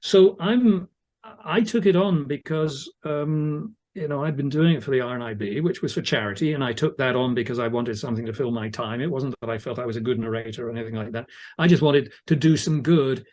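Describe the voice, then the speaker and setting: With a medium-pitched, darkish voice and a fairly quick delivery, this older Englishman with a British English accent narrates audiobooks. Here he chats casually in an interview, sharing self-deprecating stories.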